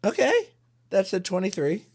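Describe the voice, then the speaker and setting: A man playing a tabletop game, speaking haltingly with fillers and restarts. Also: sits high, wildly swooping pitch, darkish tone. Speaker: player.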